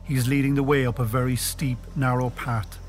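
A man presenting a radio documentary in calm, measured scripted narration. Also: mid-range voice, soft background music.

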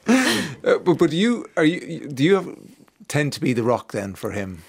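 Male interviewer, gravelly voice, rambling, stumbling questions. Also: fairly high pitch, very animated, moderate pace. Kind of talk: casual interview.

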